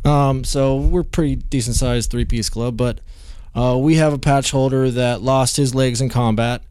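A man in casual conversation who speaks in a measured way, filling pauses with "uh" and "you know.". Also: medium pitch, steady tone, a little mellow, clean tone, no room sound. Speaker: guest, former soldier and touring guitar tech. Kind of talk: casual chat.

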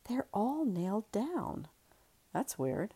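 A woman's voice: mid-range voice, sing-song, slow, warm tone, husky, pitched above the performer's own voice, heavily acted. A woman voicing Ellie, a frustrated woman at a meeting, exasperated and swearing under her breath. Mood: incredulous.

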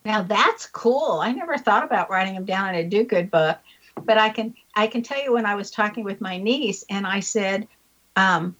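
A woman's voice: mid-range voice, moderate pace, a bit bright. An older woman hosting a casual interview, friendly and conversational. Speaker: podcast host. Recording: muffled lo-fi audio.

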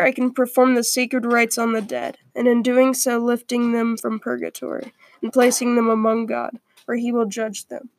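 A woman reads a first-person story aloud in a quiet, earnest way, now and then stumbling over a word. Her voice sits a little high and carries a gravelly fry. The sound is dry and close, with no room echo.

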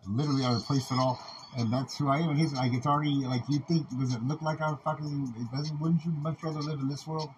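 A man's voice: fairly high pitch, fairly even intonation, fast talker. A man delivering a rambling, agitated, profanity-filled monologue as a podcast host, talking in long runs broken by constant fillers. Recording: muffled lo-fi recording with faint background noise.

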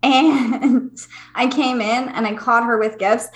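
A woman co-hosting a casual podcast, her voice a little higher than most women's. She talks in a wry, joking way. Her voice sounds roomy and echoey. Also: steady tone, slow pace. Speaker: podcast co-host. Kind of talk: casual chat. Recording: echoey room.

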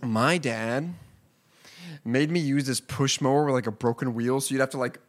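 A man's voice: mid-range voice, normal speed. A young man co-hosting a podcast, rambling and swearing in casual chat. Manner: rambling, profane, often laughing. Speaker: podcast co-host.

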